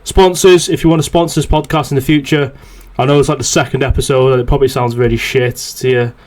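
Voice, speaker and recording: Casting note: young guy, podcast host, sweary and rambling, mid-pitched everyday voice. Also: fairly even intonation, quick pace, a little mellow. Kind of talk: casual chat, swearing anecdote.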